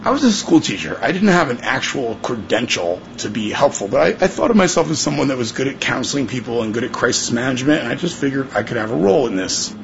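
A man's voice: mid-range voice, big pitch swings, fast talker, vocal fry, few pauses, muffled recording, a little hiss or hum. A former teacher talking about his past in an interview, in a reflective way, with small restarts. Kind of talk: interview recollection. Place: apartment.

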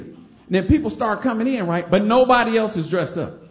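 A man from Detroit, a comedian in his forties, telling a story on stage with lively, laughing delivery. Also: high voice, moderate pace, noisy background. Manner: animated, laughing, acts out voices. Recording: echoey stage sound, dull lo-fi.

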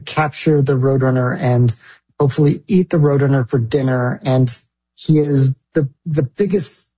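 A film director answering interview questions in a casual, enthusiastic way. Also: male voice, medium pitch, normal speed, warm tone, slightly rough, highs cut off.

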